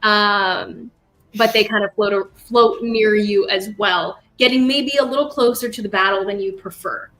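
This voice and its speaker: A woman's voice: medium pitch, unhurried, a bit bright, rough recording. A woman narrating as game master of a tabletop game, rambling, correcting herself and adding sound effects.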